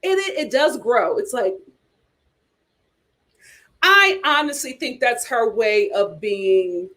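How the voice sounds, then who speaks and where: Sassy, animated woman livestream host. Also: fairly high pitch, takes it slowly, long pauses. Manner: animated, sassy, reads viewer super chats aloud. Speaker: reality TV commentary livestream host. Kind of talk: casual livestream commentary.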